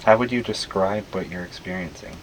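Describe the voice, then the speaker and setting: A man working as a hypnotist, asking calm, probing questions and giving soft suggestions. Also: low-pitched, a little fast, slight background noise, poor audio. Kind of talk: guiding a hypnosis session.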